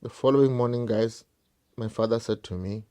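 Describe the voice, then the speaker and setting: A man's voice: medium pitch, steady tone, fairly quick, mellow. A South African man telling a painful personal story straight to his viewers, repeating phrases and calling them guys. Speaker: vlogger.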